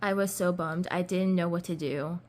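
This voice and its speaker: A woman's voice: on the low side, fairly even intonation, normal speed, a little mellow. A young woman reading a children's storybook aloud in a casual way, with slips and restarts. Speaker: doll collector reading a storybook.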